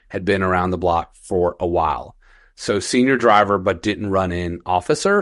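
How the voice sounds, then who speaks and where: Animated firefighter man telling a story. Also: deep voice, no room sound, clean studio sound. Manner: animated, quoting others in raised voices. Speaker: firefighter podcast host. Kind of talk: casual storytelling.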